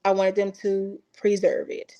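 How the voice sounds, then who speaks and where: A woman's voice: mid-range voice, completely flat delivery, unhurried, warm tone, lo-fi sound. A woman, a mother from Texas, telling a personal story in casual speech and acting out the quoted dialogue with feeling. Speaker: interview guest. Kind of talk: casual recounting.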